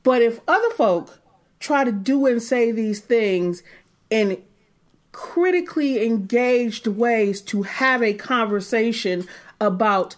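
A woman co-hosting a casual podcast discussion, animated and rambling, with frequent laughter and restarts. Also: fairly high pitch. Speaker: podcast co-host.

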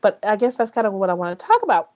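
A woman's voice: medium pitch, very animated, rapid-fire, darkish tone, highs cut off. A woman hosting a podcast in casual talk, speaking bluntly with frequent swearing, fillers and restarts. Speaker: podcast host.

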